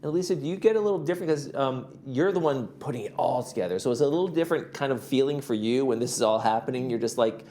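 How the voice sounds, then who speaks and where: A woman's voice: very deep voice, expressive, very fast, hardly any pauses, mellow, a little hiss or hum. A woman hosting a casual interview, asking chatty, rambling questions. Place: studio.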